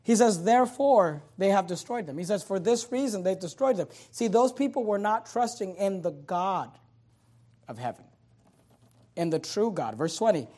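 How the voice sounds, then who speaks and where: Pastor guy preaching, gets loud then drops way down quiet, retells verses in plain talk. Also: high-pitched, animated, moderate pace. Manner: swings between loud emphatic preaching and quiet asides; paraphrases scripture in casual everyday words. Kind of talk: sermon.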